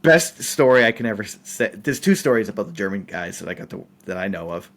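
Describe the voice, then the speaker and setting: A man's voice: lowish voice, fast. A man from the United States, a podcast guest telling set stories in casual chat, laughing often. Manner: animated, laughs often, acts out quotes.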